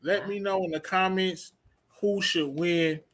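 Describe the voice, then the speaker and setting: Male host with a high, bright voice, casual, plays up announcements. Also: fairly even intonation, a little slow. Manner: hypes up announcements, stretches big titles. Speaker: host of a review show. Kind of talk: casual hosted chat with announcer flourishes.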